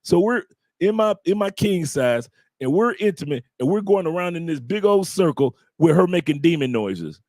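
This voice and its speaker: An American man hosting a live stream, spinning a loose, bawdy story full of jokes and acted-out quotes. His voice sits a little high for a man. The sound is close and dry, with no room echo. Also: animated, normal speed, a little mellow. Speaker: host. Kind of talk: casual storytelling to a live audience.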